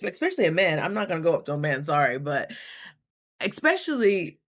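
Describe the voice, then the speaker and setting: A young adult woman in a casual storytelling vlog, chatty and laughing often, with lively quoted asides. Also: low voice, brisk. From Idaho. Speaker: vlogger.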